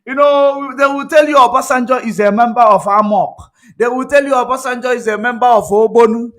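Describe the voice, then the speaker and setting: A man's voice: very high voice, brisk, fairly bright tone. A man with a Nigerian accent giving an emphatic political commentary monologue, repeating points for effect. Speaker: online commentator.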